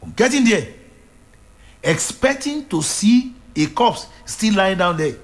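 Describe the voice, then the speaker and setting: A man's voice: sits high, expressive, slow pace. A man preaching a sermon, retelling a Bible story with fervent, dramatic delivery and repeated phrases.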